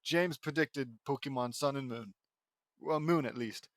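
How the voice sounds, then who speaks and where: A man's voice: medium pitch, moderate pace, no room sound. A man reading fan fiction aloud and stopping often for sarcastic, exasperated asides, with some swearing. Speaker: audiobook reader.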